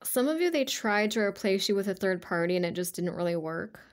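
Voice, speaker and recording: A woman's voice: medium pitch, lively intonation, fairly quick. A woman giving a casual tarot reading in a chatty, rambling way, full of filler words. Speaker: tarot reader.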